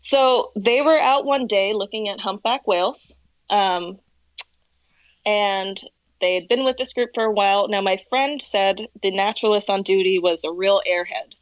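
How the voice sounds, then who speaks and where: A woman's voice: medium pitch, normal speed, no echo, highs cut off. A woman working as a whale watching tour guide, guest on a casual podcast, telling stories with lots of laughter. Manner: animated storyteller, laughs often. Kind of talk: casual chat, storytelling.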